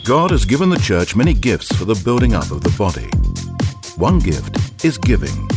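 A man reading a formal, measured scripted announcement for a radio show. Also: on the low side, wildly swooping pitch, over loud music.

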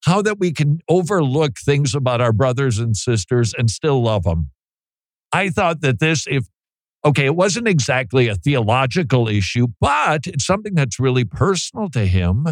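A man's voice: medium pitch, big pitch swings, normal speed, no room sound. A man hosting a radio program, talking in a casual, joking way and laughing often. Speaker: radio host.

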